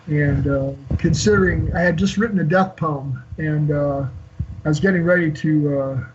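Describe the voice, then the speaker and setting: A man's voice: a little high, a little hiss or hum. Older man telling a raw story, lo-fi. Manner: halting, many fillers and restarts. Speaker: guest. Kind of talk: emotional personal storytelling. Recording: dull lo-fi call audio.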